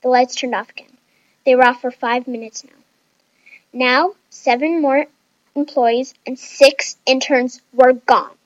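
Brief: high-pitched woman reading a story aloud, careful and measured, dull recording. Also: fairly even intonation, no echo. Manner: reads lists of traits slowly and carefully.

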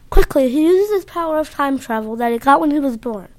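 Woman reading a kids story out loud, high voice, super dry close sound. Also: expressive, a little fast, dry recording.

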